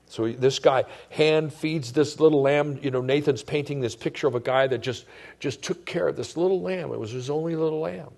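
A man preaching a sermon in a conversational way, his voice swinging from loud emphasis to hushed tones. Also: a little high, brisk, gravelly. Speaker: pastor.

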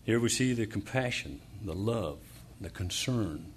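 A man preaching a sermon, reading verses and explaining them, pausing often with fillers and restarts, then building up to fervent emphasis. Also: lowish voice, lively intonation, slight background noise.

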